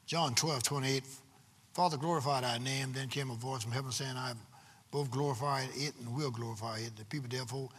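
A man preaching a sermon from the pulpit, swinging between loud, drawn-out proclamations and quick, quiet asides to the congregation. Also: medium pitch, fairly even intonation, slightly rough, long reverb tail. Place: church sanctuary.

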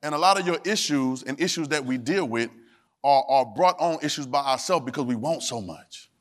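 A man preaching a sermon to a congregation, calling for responses and swinging between soft asides and shouted, sung phrases. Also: mid-range voice, lively intonation, normal speed. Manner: Southern Black church vernacular, drops verbs. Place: church sanctuary.

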